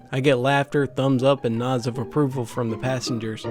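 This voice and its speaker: A man's voice: medium pitch, brisk, hardly any pauses. Man narrating stories over light music. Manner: steady storytelling, reading anecdotes aloud. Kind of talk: scripted story narration. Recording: faint background music.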